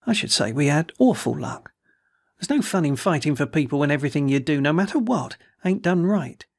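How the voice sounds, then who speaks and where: A man's voice: on the high side, very animated, fairly quick. A man voicing an aggrieved young male soldier who grumbles and complains in a storybook reading. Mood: indignant.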